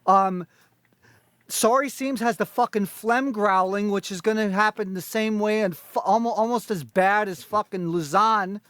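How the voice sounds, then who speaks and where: Fast, foul-mouthed high-voiced man. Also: a bit bright, smooth, no room sound. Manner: rapid, blunt, swears constantly. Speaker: panelist ranking concert recordings. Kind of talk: profane critical rant.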